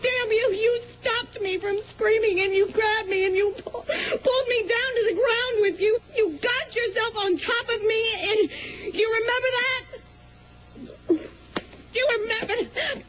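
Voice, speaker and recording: A soap opera woman confronting the man who hurt her, her high voice pressing every accusation. The clip sounds muffled and dull, with a faint hiss underneath. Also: steady tone, a little slow, a bit bright. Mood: furious. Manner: accusing, intense, repeated demands. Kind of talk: soap opera drama scene.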